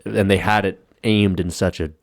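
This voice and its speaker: A man's voice: low-pitched, fairly even intonation, moderate pace, creaky, no echo, studio quality. A man co-hosting a podcast in casual chat, cursing freely and talking at length. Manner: profane, talks at length. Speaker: podcast co-host.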